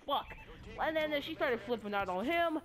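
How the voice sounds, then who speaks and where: Speaking briskly in a high-pitched, animated voice, a teen girl who vlogs as a student tells a story while gaming. It's casual and rambling, with stammering and plenty of swearing.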